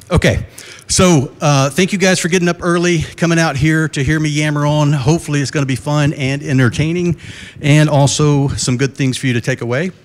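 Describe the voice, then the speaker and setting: On a conference stage before a live audience, a middle-aged keynote speaker talks at a moderate pace in a fairly high, steady voice. He mixes folksy humor with questions aimed at the crowd.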